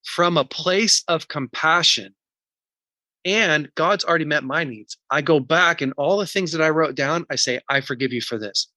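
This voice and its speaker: Unhurried and forceful, a man with a fairly high, bright voice explains a process step by step as a guest on a podcast, with no echo on the sound. He's a recovery coach, earnest in his numbered teaching and candid, even emotional, about his personal pain.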